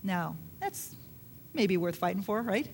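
A woman's voice: mid-range voice, animated, unhurried, vocal fry, a little mellow, slight background noise. A woman preaching a sermon in a conversational way, reading scripture aloud and asking her listeners questions. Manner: reads scripture aloud, then retells it.

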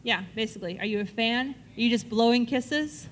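A woman's voice: on the high side, normal speed, a little hiss or hum. Conversational woman teaching scripture. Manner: conversational, checks in with listeners. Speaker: Bible teacher. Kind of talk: Bible study teaching.

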